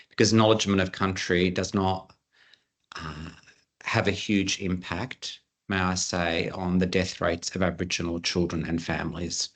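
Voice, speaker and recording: Man, deep low voice, earnest, chatty, video call talk. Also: level tone, moderate pace, fairly bright tone. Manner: earnest, chatty, with frequent fillers. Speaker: conference presenter. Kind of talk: online conference talk.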